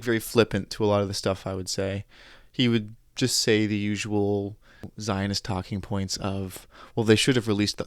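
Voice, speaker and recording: A young adult man hosting a podcast, telling anecdotes in a casual monologue, animated, quoting others and restarting his sentences. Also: fairly low pitch, smooth, no echo, studio quality. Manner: animated storytelling, quoting others, frustrated asides, frequent restarts. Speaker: podcast host.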